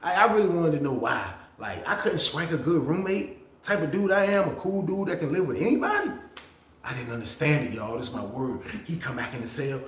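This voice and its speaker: A man casually telling a story on his channel, slangy and animated, acting out what others said with big jumps in his voice. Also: brisk, echoey room. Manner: animated, slangy, acts out others' lines with big pitch swings.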